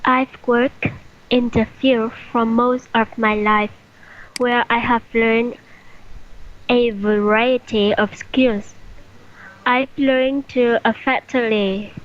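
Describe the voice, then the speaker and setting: A woman's voice: on the high side, highs cut off. A woman student in an English lesson, reading aloud carefully and asking hesitant questions, a non-native speaker. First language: Vietnamese. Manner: hesitant, careful, repeats words.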